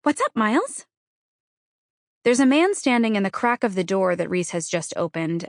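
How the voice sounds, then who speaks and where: A woman reads a first-person novel in a wry, conversational way, tossing off self-deprecating asides. Her voice sits at an ordinary mid pitch, and the studio recording is dry and close. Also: dry recording. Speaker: audiobook narrator.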